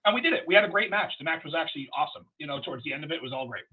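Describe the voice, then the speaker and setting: A man, a wrestler guest on an interview podcast, telling stories in a profane, rambling, animated way. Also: fairly high pitch, racing, husky. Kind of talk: casual storytelling interview. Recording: dull lo-fi podcast audio.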